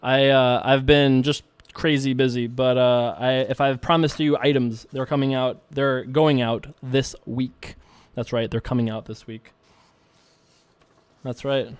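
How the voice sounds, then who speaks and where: A man's voice: mid-range voice, flat delivery, unhurried, clear, resonant tone, no echo. Chatty man commentating poker. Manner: chatty, thinks out loud, playful asides. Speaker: poker streamer and show host. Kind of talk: casual commentary while playing online poker.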